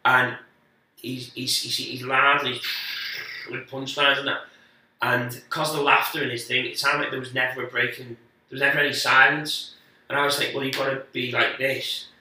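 A man's voice: mid-range voice, flat delivery, moderate pace, sharp tone, distant mic. A man, a guest comedian telling rambling, sweary stories in casual chat with lots of restarts. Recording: very echoey, off-mic.

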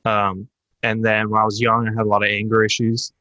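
A man's voice: fairly low pitch, completely flat delivery, brisk, pushed and bright, highs cut off. A young man co-hosting a podcast, telling personal stories in a candid, rambling casual chat with lots of fillers. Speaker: podcast co-host.

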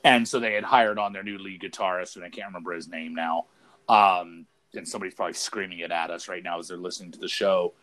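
A man's voice: sits low, steady tone, fast talker, fairly bright tone. A man co-hosting a casual podcast chat, telling a rambling story with lots of fillers and restarts. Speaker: podcast co-host.

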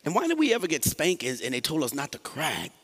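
A man with a drawl preaches to his congregation in a lively, joking back-and-forth. His voice jumps high when he laughs or mimics scolding parents, then drops low and soft for serious points. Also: quick pace, husky, big-room sound. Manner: animated, laughing, call-and-response with the congregation. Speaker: pastor. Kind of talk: sermon.

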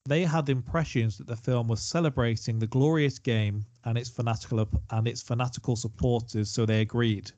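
A man's voice: mid-range voice, fairly even intonation, a little fast, hardly any pauses, a little mellow, no echo. A man co-hosting a casual film chat, chatty and digressive, given to self-deprecating asides. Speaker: podcast co-host.

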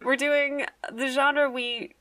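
A woman's voice: high voice, flat delivery, slow, sharp tone. A woman co-hosting a podcast in casual chat, chatty and self-mocking, with free swearing. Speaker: podcast co-host.

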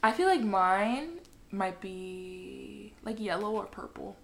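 A woman's voice: medium pitch, slow, vocal fry, fairly bright tone. A young woman in casual conversation with a friend, talking in a bubbly way with lots of "like" fillers. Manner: bubbly, uses many "like" fillers. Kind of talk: casual chat. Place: lives in the US South.

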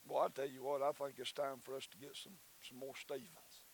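A man's voice: mid-range voice, little pitch movement, a little fast, vocal fry, slight background noise, low-quality recording. A man with a Southern US accent preaching a sermon in a folksy, repetitive way that builds to fervent calls. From Southern United States. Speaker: pastor.

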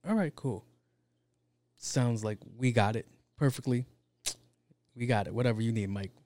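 A man's voice: mid-range voice, moderate pace, a little mellow, lightly acted. A man voicing an eager male studio executive who keeps agreeing while flustered.

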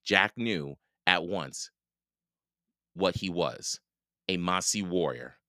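A man reading a children's storybook aloud in a slow, expressive way. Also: deep voice, dry recording, clean studio sound. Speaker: reader.

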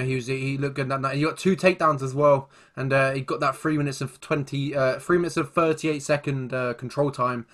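A man co-hosting a casual fight recap podcast, rambling with lots of fillers and sudden excited bursts. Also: medium pitch. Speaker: podcast co-host.

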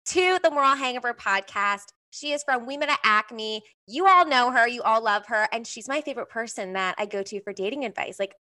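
A young woman in her twenties co-hosting a podcast in casual chat, talking quickly with many "like" fillers. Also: fairly high pitch, bright, forceful tone. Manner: chatty, frequent "like" fillers. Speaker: podcast co-host.

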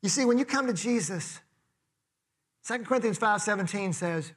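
A man's voice: sits high, animated, normal speed. A man preaching a sermon in a conversational way, asking the congregation rhetorical questions. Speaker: pastor.

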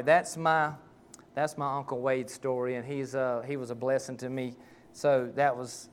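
A man's voice: on the high side, clean tone. A man, a pastor preaching a sermon and telling heartfelt, folksy stories.

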